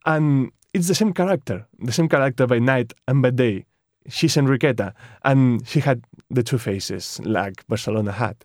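A man's voice: medium pitch, moderate pace, few pauses, darkish tone, no echo, studio quality. An author being interviewed on radio about his book, a man who often repeats words as he searches for the right phrase. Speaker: author guest.

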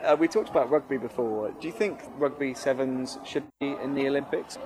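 A man's voice: medium pitch, a little fast, rough recording. A man interviewing a guest on location, asking polite questions. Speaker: news editor, interviewer. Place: outdoor event. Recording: outdoors with loud crowd behind.

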